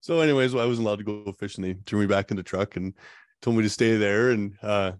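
Man, low voice, rambling storyteller, dry close sound. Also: quick pace, no room sound. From Canada. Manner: rambling, laughs while recounting. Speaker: guest telling his survival story. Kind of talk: casual storytelling interview.

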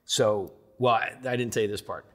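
Low-voiced man telling animated stories. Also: moderate pace. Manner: animated storyteller, acts out voices of others. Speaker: interview guest. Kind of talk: storytelling in a sit-down interview.

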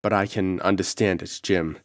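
A man's voice: low voice, fairly even intonation, moderate pace, no room sound, studio quality, natural voice. A man voicing a cool-headed scientist who speaks grimly and decisively, in an audiobook reading. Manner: grim, decisive.

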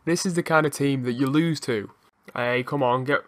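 A young man hosting his gaming channel, giving live play-by-play commentary that turns excitable, with shouting at the game and swearing. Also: mid-range voice, normal speed.

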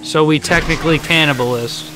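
A man live streaming a video game, chatting casually, rambling and joking with sudden loud outbursts. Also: a little high, a little fast, noisy background.

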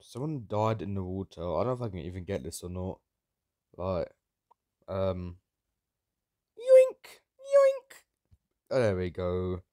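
A man with a fairly low voice commenting on a game as he plays, excitable and sarcastic, prone to sudden yelps. The sound is dry and close, with no room around it. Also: moderate pace, dry recording. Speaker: Minecraft YouTuber. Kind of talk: gameplay commentary.

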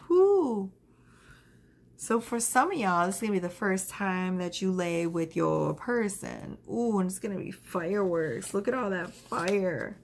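Woman reading tarot, casual and chatty, lots of um and like, bit of fry in the voice. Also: medium pitch, unhurried. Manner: chatty, animated, lots of fillers. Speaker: tarot reader.

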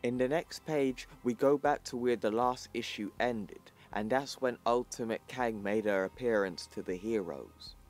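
A man hosting his channel, narrating a comic book story in plain, even storytelling and reading the characters' lines in his own voice. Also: medium pitch, a little slow, hardly any pauses, faint music behind. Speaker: channel host.

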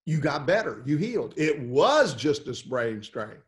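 Animated man with a slightly high voice. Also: a little slow, reverberant. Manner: animated, storytelling with rhetorical questions. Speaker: trial lawyer coach. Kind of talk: webinar talk.

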